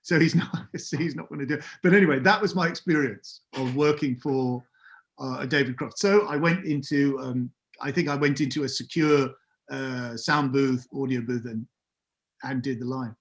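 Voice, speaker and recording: A man's voice: medium pitch, normal speed. A man in his fifties, a podcast guest telling a wry, self-deprecating story. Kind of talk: anecdotal storytelling.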